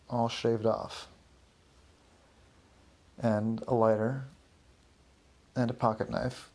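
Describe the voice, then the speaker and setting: A man telling an improvised story to children in a relaxed, informal way. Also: medium pitch, gravelly.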